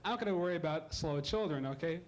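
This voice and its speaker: A man from Ohio doing a stand-up comedy routine, animated and slipping into silly voices for his bits. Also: fairly high pitch, fast talker. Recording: live club recording with audible crowd noise.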